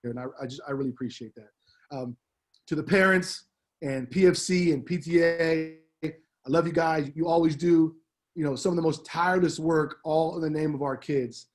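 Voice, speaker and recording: A man's voice: fairly high pitch, steady tone, normal speed. A middle-aged man, a departing assistant principal, giving an upbeat, heartfelt farewell speech on the school announcements, slangy and full of fillers.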